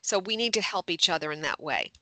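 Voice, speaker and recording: A woman with a bright, forceful voice explains workplace tactics with emphatic confidence. The recording is close and dry, with no room sound around her. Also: on the low side, lively intonation, quick pace, no room sound. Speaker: communication coach. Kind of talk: advice in a radio-style interview.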